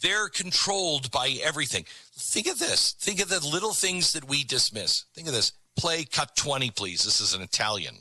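A man's voice: fairly high pitch, expressive, moderate pace, few pauses, pushed and bright, no echo. A man hosting a show, delivering an emphatic monologue and urging the audience. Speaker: host.

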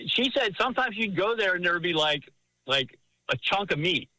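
Earnest male caller with a bright voice. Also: sits high, normal speed, no room sound, rough recording. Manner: earnest, rambling, animated retelling. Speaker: radio caller. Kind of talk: phone-in storytelling.

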